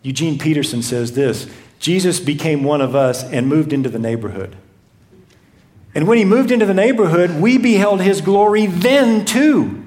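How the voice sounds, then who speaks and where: A man's voice: a little high, expressive, moderate pace, darkish tone. A man preaching a sermon, reading scripture and retelling it expressively with dramatized voices. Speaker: pastor.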